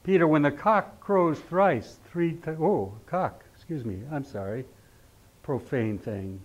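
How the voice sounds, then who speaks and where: A middle-aged man lectures an astrology class conversationally, often posing rhetorical questions to his students. His fairly high voice takes things slowly, captured on a dull lo-fi recording.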